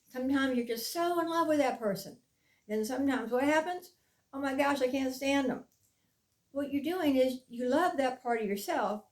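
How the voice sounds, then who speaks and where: A middle-aged woman giving an earnest motivational talk as a mindfulness coach, stressing key phrases slowly. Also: a little high, darkish tone. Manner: earnest, emphatic, with slow deliberate stresses.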